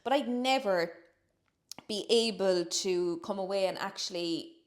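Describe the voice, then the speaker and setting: A woman's voice: mid-range voice, unhurried, echoey room. A woman co-hosting a casual chat, talking in a reflective, chatty way. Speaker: podcast co-host.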